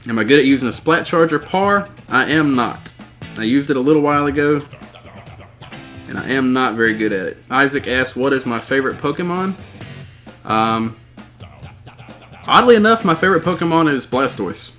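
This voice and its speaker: Excitable male gaming streamer. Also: medium pitch, normal speed, pauses often, soft background music. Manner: excitable, shouting out game callouts. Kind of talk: live gameplay commentary and chat reading.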